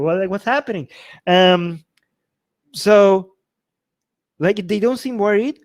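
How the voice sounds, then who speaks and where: A man's voice: sits high, takes it slowly, long pauses, dry recording. A man hosting a show, talking casually to his audience in a rambling, conversational way and repeating his points. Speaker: show host. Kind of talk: casual commentary to a live audience.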